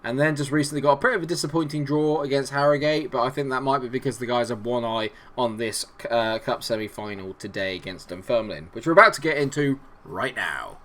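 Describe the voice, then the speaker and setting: A man's voice: mid-range voice, brisk, few pauses, a bit bright. A man hosting a game video, giving chatty, enthusiastic, self-deprecating commentary. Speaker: gaming video host.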